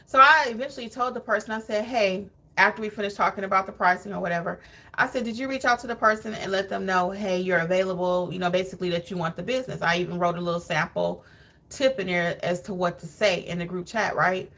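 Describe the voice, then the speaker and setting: A woman hosting a live stream, reading viewer comments aloud and coaching notaries in an animated, preachy way with frequent laughs. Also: medium pitch, fast talker. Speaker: host of a notary training channel.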